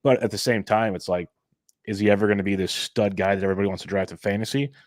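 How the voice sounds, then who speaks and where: A man's voice: on the low side, steady tone, quick pace, a little mellow, no echo, clean studio sound. A man co-hosting a fantasy baseball podcast, talking casually and a bit sarcastically. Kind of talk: casual sports chat.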